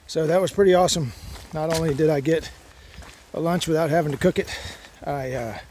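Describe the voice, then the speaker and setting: A man's voice: a little high, fairly quick, darkish tone. A man vlogging as he hikes a mountain trail, talking in a rambling, easygoing way with lots of "uh" fillers. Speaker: long-distance hiker vlogger. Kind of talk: casual vlog monologue. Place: outdoors on a mountain hiking trail. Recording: outdoor noise behind the voice.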